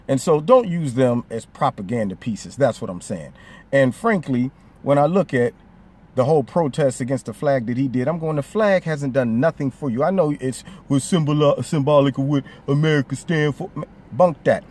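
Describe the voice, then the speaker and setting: A man's voice: mid-range voice, animated, normal speed, darkish tone. A man giving his opinion in a vlog, conversational and emphatic. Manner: conversational, emphatic, slips into quoted voices. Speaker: vlogger. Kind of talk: opinion commentary.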